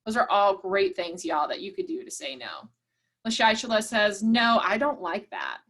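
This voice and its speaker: A woman's voice: medium pitch, expressive, moderate pace, a bit bright. A woman running an online workshop, reading out participants' chat replies and cheering them on, saying "y'all" often. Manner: upbeat, encouraging, says "y'all" often. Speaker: workshop facilitator.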